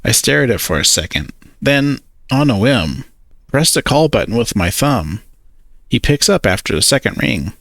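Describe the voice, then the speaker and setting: A man's voice: medium pitch, sing-song, normal speed, a bit bright, no room sound. A man narrating a first-person story, hesitant and awkward in his character's lines.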